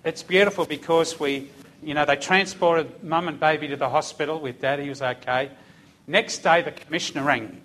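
An older Australian man, a police officer, telling a lively testimony story in church and acting out the voices. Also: a little high, normal speed.

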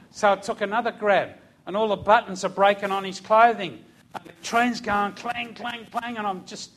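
A man's voice: high-pitched, fairly bright tone. A man, a former police officer turned preacher, telling a vivid, emotional testimony in a sermon. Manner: vivid storyteller, voice rising and falling with emotion.

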